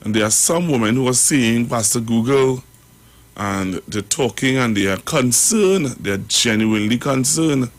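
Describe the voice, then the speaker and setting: A man hosting a radio talk show, rambling and halting as he comments. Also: mid-range voice, expressive. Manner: rambling, halting, full of fillers and restarts.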